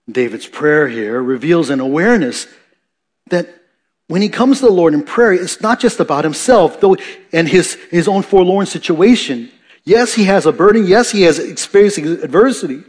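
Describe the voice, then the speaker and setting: Preacher with swinging intensity. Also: male voice, a little high, expressive, normal speed, breathy edge. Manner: dynamic preaching, rising for emphasis and dropping soft; conversational asides and self-corrections. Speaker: pastor. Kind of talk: sermon.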